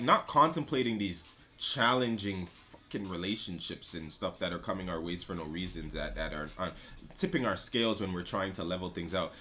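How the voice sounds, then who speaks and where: A man's voice: fairly low pitch, pushed and bright. A man giving a casual tarot reading, talking loosely and repeating himself, with lots of "right?" and some swearing. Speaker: tarot reader. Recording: slightly dull sound with faint music.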